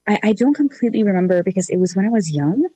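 A woman's voice: mid-range voice, expressive, racing, warm tone, breathy edge, no room sound. A woman interviewing a musician, asking questions and offering frequent encouraging affirmations. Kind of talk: casual interview.

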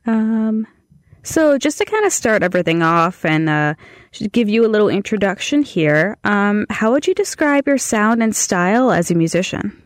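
A woman's voice: medium pitch, expressive, normal speed, dry recording. Congested woman radio host, dry sound. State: congested from a cold, nasal. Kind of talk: casual radio interview.

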